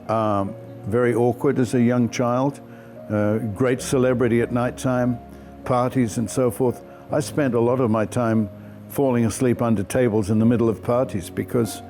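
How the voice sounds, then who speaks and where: Older actor, clear and projected. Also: male voice, medium pitch, dark tone. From Australia. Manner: self-deprecating, laughs often. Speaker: actor interviewee. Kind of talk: reflective storytelling interview.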